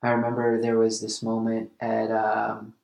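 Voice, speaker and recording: A man talks earnestly on his podcast in a low-key, fairly flat voice with a gravelly edge. He stops and restarts his sentences often, as if searching for the words. The sound is echoey, as if recorded in a bare room. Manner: earnest, halting with repeated restarts. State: emotional at times. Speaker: podcast host. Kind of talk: reflective solo podcast monologue.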